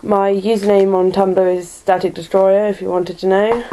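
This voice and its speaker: A woman from Norfolk, England, speaking with a Norfolk accent, chats in a casual vlog and reads out a word list, recorded on a computer webcam at home. Her medium-pitched voice is mellow, with little pitch movement and a moderate pace, and she's hesitant, with many ums and self-deprecating asides, on a rough recording.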